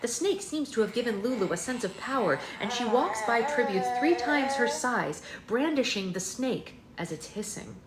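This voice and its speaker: A woman and mother reading a novel aloud on a livestream, expressive, pausing to coo softly to her baby. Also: fairly high pitch, over a noisy crowd. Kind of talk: read-aloud narration with asides. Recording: echoey room with background noise.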